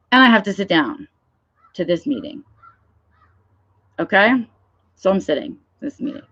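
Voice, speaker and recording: A woman's voice: mid-range voice, very animated, measured pace, long pauses, a bit bright, dry recording, lo-fi sound. A woman talking frankly in a live vlog, swearing freely and often checking in with "right?". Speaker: vlogger. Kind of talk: candid livestream talk.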